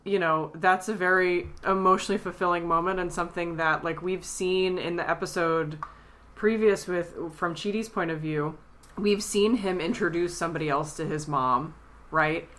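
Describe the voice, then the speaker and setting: Bright low-voiced woman, tearfully animated. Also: moderate pace. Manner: animated retelling, acts out lines in a high squeaky voice. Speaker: podcast co-host. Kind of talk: casual chat.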